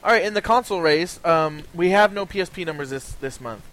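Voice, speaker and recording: Reading sales figures on his casual gaming podcast, the host speaks briskly and animatedly in a fairly bright voice on the high side, often saying um and restarting. He's a bit hoarse from all the talking, and the rough recording has a faint hiss underneath.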